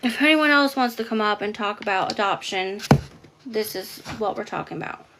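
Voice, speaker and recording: A TikTok live host is furious at a rude commenter, shouting and cursing at them during a heated livestream chat. She speaks at a medium pitch and normal speed, animated, with background noise audible.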